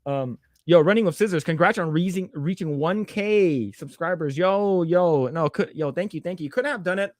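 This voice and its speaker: Man, podcast co-host, casual chat, slightly high voice, dry close sound, rambling animated delivery. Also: moderate pace, few pauses, no room sound. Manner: animated retelling with many fillers and put-on voices.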